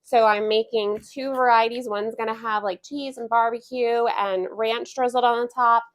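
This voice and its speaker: A woman's voice: fairly high pitch, normal speed. Chatty woman narrating a home cooking vlog. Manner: chatty, relaxed, with laughs and fillers. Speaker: homestead cooking vlogger. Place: home kitchen, indoors.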